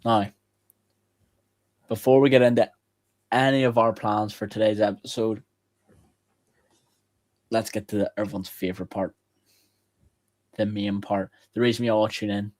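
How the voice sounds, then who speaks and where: A man's voice: fairly low pitch, little pitch movement, normal speed, pauses often, a little mellow. A young man hosting a wrestling show, with a playful, teasing, mock-grandiose delivery. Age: young adult. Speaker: host. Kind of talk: casual wrestling show banter.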